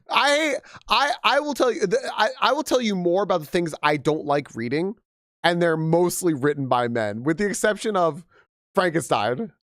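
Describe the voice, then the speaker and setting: A young man chatting casually on a game stream, rambling and animated with frequent restarts, slightly hoarse from losing his voice. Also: sits high, a little slow, no room sound, clean studio sound. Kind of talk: casual live-stream chat.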